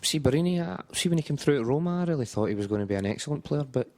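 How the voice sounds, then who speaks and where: A man's voice: on the high side, expressive, rapid-fire, a little mellow. A man on a football podcast panel, joking and chatty. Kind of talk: casual football panel chat.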